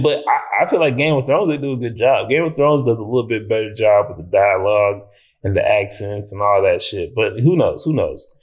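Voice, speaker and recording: A man giving a casual, rambling movie review, swearing freely and laughing often. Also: mid-range voice. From United States. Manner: slangy, loose and rambling. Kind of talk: casual film review vlog.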